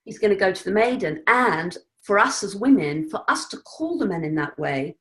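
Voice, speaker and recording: A woman's voice: mid-range voice, normal speed. Woman, interview guest, earnest, reflective, conversational, mid-range voice. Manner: earnest, reflective, animated with laughs.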